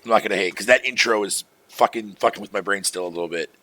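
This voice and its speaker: A man commentating over a game in a loud, crude, joking way, swearing often. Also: fairly low pitch, fast talker. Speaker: gamer streaming a let's play. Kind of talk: casual gameplay commentary.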